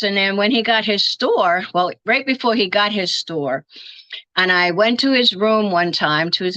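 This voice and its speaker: Here the older woman's voice sounds pushed and bright, pitched on the high side, as she recalls family stories for an interviewer and performs the quoted lines. The recording is dry and muffled.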